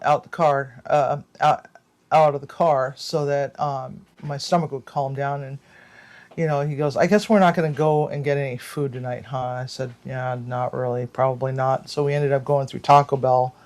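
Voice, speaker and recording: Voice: mid-range voice, a little mellow. A cooking channel host telling a long personal story to viewers in a casual, rambling way, with frequent restarts and mild cursing.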